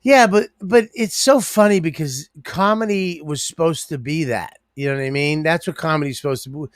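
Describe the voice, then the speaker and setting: A man with a somewhat high voice rants profanely on a podcast and often laughs mid-sentence. The recording is dry and close-miked. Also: moderate pace, no echo. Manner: profane, ranting, laughs through his lines. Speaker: podcast co-host. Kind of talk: casual chat.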